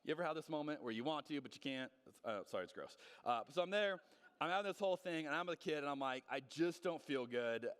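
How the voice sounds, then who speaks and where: A pastor preaches in a church sanctuary, earnest and chatty, often backing up to restart and stumbling over repeated words. He talks fast in a fairly high, slightly bright voice with a clean tone and a big-room sound.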